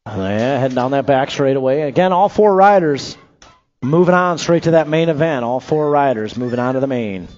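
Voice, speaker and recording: A man's voice: mid-range voice, lively intonation, a little mellow, highs cut off. A man announcing live BMX races over a track PA, rattling off rider names and placings with joking asides. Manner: upbeat, joking asides between rapid race calls. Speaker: race announcer. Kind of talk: live BMX race commentary.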